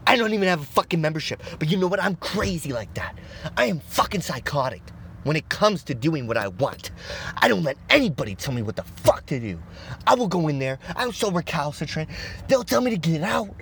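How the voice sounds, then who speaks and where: A man delivering an intense, profanity-heavy motivational rant, swearing constantly and breaking into shouted bursts. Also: fairly high pitch, big pitch swings, a little fast, vocal fry, a little hiss or hum. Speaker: motivational speaker.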